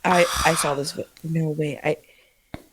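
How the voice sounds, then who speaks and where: A woman's voice: low-pitched, fairly even intonation, moderate pace, background noise. A woman co-hosting a casual podcast, reacting bluntly and swearing freely. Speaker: podcast co-host. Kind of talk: casual chat.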